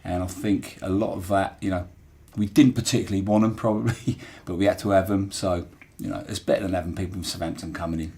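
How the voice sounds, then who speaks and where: A man's voice: sits low, steady tone, fast talker, vocal fry, dark tone. A man with a Portsmouth accent, a former dockyard worker, talking in a chatty, thoughtful way with frequent fillers and restarts. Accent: Portsmouth English. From Portsmouth, England. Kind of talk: reflective podcast storytelling.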